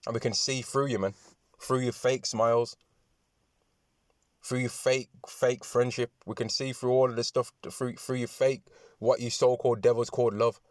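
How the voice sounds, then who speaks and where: A man preaching and reading scripture aloud, talking in repetitive, halting phrases with many restarts, often tagging lines with "man" and "right". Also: medium pitch, little pitch movement, darkish tone, no echo, clean studio sound. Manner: addresses listeners with "man" and "right". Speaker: religious speaker.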